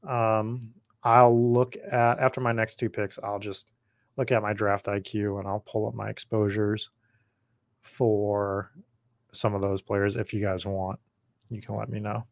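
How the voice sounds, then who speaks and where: A man's voice: lowish voice, level tone, a little slow, vocal fry, dry recording, clean studio sound. A man hosting a podcast, talking in a rambling, chatty way as he drafts and answers viewer comments, his voice slightly worn. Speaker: podcast host. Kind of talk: casual live drafting commentary.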